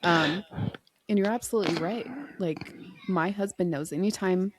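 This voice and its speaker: A woman from the US South with a mild Southern accent, hosting a casual podcast chat, animated and quick to laugh. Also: lowish voice. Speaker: podcast host.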